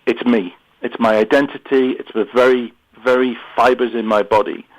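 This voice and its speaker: A man's voice: medium pitch, fairly even intonation, moderate pace, poor audio. A British man from the UK, a guest calling in to a radio show, who talks earnestly and often restarts his words. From United Kingdom. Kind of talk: interview on mindset. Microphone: phone or remote line.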